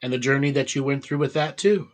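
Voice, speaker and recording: A man's voice: mid-range voice, fast talker. Guy hosting a video call show, keeps checking okay?, plain mid voice. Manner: coaching, checks in with repeated "okay?". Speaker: host and healer. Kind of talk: casual chat.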